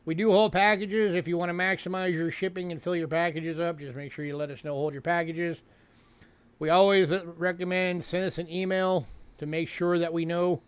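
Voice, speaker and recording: Here a New York host sells coins on a livestream, casual and chatty, with fillers and frequent repetition. His high-pitched voice keeps a steady tone at a moderate pace. It sounds clear and resonant, with no echo.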